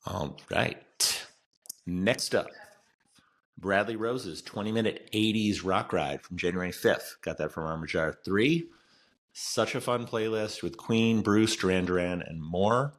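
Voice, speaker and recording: A man's voice: on the low side, a little slow. A man co-hosting a podcast, chatting loosely and casually, often trailing off mid-sentence. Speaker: podcast co-host. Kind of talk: casual news chat.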